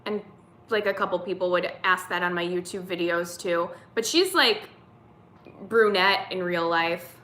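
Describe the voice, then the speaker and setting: A woman's voice: on the low side, measured pace, pushed and bright, roomy sound. A woman in her thirties hosting a casual live-stream chat, reading viewer comments aloud and answering them. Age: 30s.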